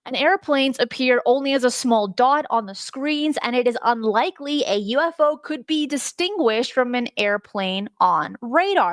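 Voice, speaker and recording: Woman, live-stream host, excited and chatty, talks to viewers, higher voice, dry sound. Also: moderate pace, few pauses, dry recording. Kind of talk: live-stream case study talk.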